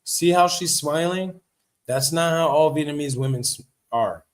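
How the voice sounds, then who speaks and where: A man's voice: a little high, moderate pace. A man hosting a casual livestream, talking in a chatty, emphatic way, repeating his points and reacting to notes he reads aloud. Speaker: livestream host. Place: living in Vietnam.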